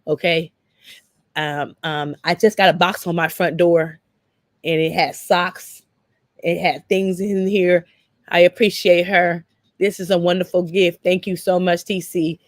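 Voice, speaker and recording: A woman's voice: fairly low pitch, steady tone, unhurried, no echo. A woman talking emotionally on her own live stream, her words tumbling out with stammers and repeats. She sounds as if she has just been crying. The sound is dry and close.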